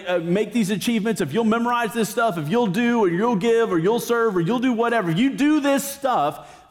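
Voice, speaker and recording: A male preacher with a high voice gives a casual, conversational sermon. He lands his points emphatically and drops in slangy asides. His voice trails in a long, echoey hall reverb.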